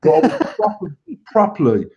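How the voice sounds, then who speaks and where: A man's voice: sits high, huge pitch swings, normal speed, warm tone, breathy edge. A man hosting a live show, telling crude stories in a blunt, boastful way and swearing constantly. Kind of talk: casual storytelling chat. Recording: dull lo-fi live stream audio.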